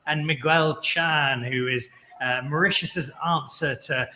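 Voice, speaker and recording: A chatty, upbeat man hosts a live wine show and introduces his guests with jokes. His voice is bright and a little high for a man. The sound carries a roomy echo. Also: fairly even intonation, takes it slowly, slight background noise. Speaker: show host.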